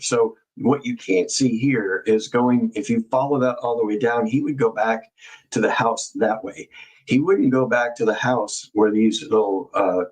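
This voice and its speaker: A man in a casual live discussion, guiding through a map with halting speech and many fillers and restarts. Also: fairly low pitch, breathy edge, low-quality recording.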